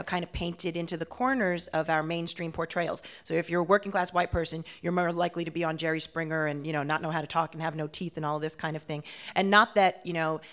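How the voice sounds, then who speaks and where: A woman from Washington, D.C., a performer being interviewed on the radio, who talks in an animated, chatty way. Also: lowish voice. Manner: animated, talkative, with frequent "you know" fillers. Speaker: performer and guest.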